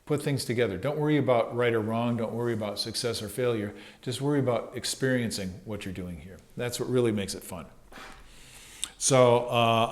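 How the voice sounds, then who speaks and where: A man giving a casual trumpet lesson, thinking aloud with fillers and sometimes singing syllables to show phrasing. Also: medium pitch. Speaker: trumpet teacher.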